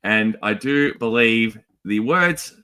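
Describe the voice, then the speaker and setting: With a clean, lowish voice and a slow pace, an Australian man helps host a casual toy livestream. He keeps things lively and jokey, rattling through greetings to viewers in the chat.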